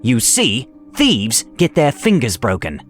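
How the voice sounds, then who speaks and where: A man's voice: medium pitch, huge pitch swings, slow pace, soft background music. A man voicing a cruel male wizard who sneers and gloats. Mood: gloating.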